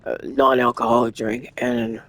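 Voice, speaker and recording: Rambling, animated storyteller. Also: mid-range voice, normal speed, gravelly, poor audio. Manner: rambling, animated anecdote with many restarts. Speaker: gaming streamer. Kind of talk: casual storytelling while gaming.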